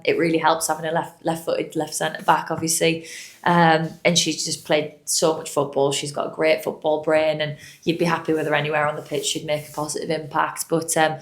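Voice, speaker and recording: A woman football manager giving measured, positive answers at a post-match press conference. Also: sits low, level tone. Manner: measured and positive, with many fillers.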